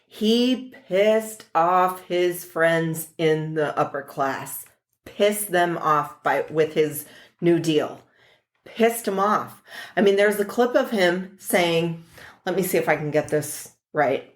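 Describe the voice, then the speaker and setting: A woman co-hosting a podcast in casual chat, speaking in an unhurried, chatty way. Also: on the low side. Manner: unhurried, chatty, laughs often. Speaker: podcast co-host.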